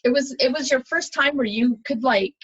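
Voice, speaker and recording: Chatty American woman, husky dry voice. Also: high-pitched, moderate pace, a bit bright, dry recording, highs cut off. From United States. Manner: chatty, nostalgic, talks over a map tour. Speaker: vlogger. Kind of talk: casual reminiscing chat.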